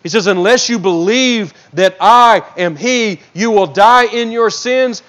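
A man preaching an expository sermon, swinging between loud emphatic bursts and soft low drops, often stammering and restarting. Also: unhurried. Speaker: pastor.

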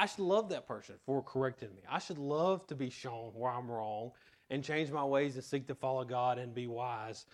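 A man preaching a sermon to his church in an earnest way, reading scripture and telling a personal story. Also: mid-range voice. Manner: earnest, tells personal anecdotes. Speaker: pastor.

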